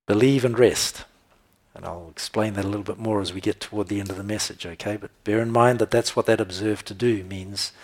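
A man preaching a sermon, emphatic, repeating key phrases and reading scripture aloud. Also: lowish voice. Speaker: pastor.

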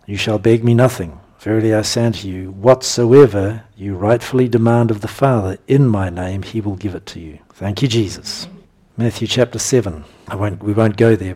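Husky-voiced man preaching a sermon. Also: fairly low pitch. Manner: emphatic, animated bursts with chuckles. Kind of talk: sermon teaching.

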